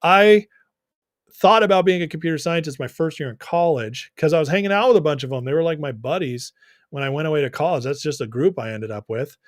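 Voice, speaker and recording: A man's voice: a little high, fairly quick, no room sound, studio quality. A young man hosting a political livestream, reading viewer comments and giving his opinions in a casual, conversational way.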